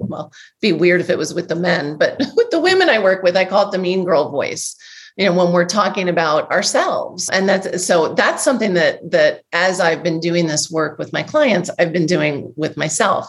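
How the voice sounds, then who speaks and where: A woman hosting a casual conversation, a coach who affirms her guest and thinks aloud with frequent restarts. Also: on the low side. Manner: affirming, thoughtful, restarts often. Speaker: host and coach.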